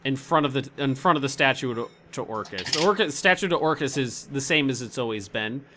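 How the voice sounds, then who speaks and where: A man's voice: medium pitch, animated, a little fast, noisy background. A man narrating a tabletop game as dungeon master, rambling and searching for words as he describes scenes.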